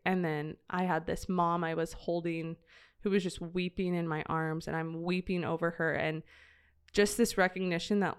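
Her voice on the low side and clean in tone, a woman earnestly tells a heartfelt personal story in conversation. She is a guest reflecting on a mission trip, and her speech is full of fillers and restarts.

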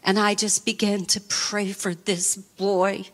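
A woman preacher telling a personal testimony in an expressive, fervent sermon style. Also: mid-range voice, slow pace.

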